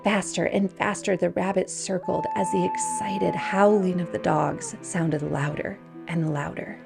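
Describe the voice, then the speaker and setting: Slow, gravelly woman reading a storybook. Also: lowish voice, steady tone, loud music behind the voice. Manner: gentle, unhurried read-aloud with soft hushed passages.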